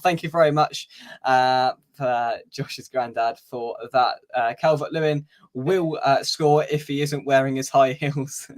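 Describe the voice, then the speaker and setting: Chatty young man hosting a preview. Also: medium pitch. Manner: chatty, wry, lots of "uh" fillers. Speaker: fan channel host. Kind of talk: casual match preview chat.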